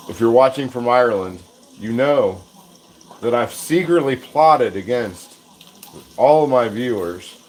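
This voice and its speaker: A man's voice: mid-range voice, a little mellow, slight background noise, rough recording. Rambling American man hosting a cooking livestream. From United States. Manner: rambling, self-deprecating, chuckles often. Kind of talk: casual livestream chat while cooking.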